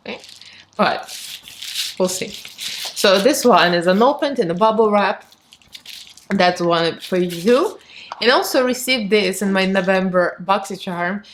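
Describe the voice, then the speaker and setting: Russian lady makeup vlogger just chatting to the cam, candid, laughs a lot, acts out convos. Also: medium pitch. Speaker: beauty vlogger. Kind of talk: casual chat to camera.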